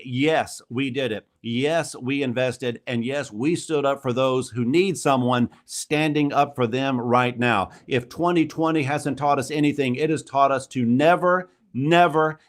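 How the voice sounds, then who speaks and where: Man, fundraising host, fired-up, rallying, slightly high voice. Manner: energetic, rallying, calls out donor names. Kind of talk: live fundraising appeal. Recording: virtual gala stream.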